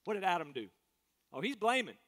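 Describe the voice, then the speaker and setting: A man's voice: high-pitched, sing-song, brisk, fairly bright tone. A man preaching a sermon as pastor, earnest and emphatic, acting out quotes in different voices. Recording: long hall reverb.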